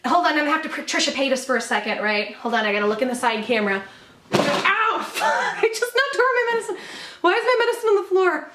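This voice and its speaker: A woman's voice: sits high, lively intonation, quick pace, roomy sound, heavy background noise. A woman YouTuber in a casual commentary vlog, rambling, swearing freely and laughing as she talks sarcastically from a room at home.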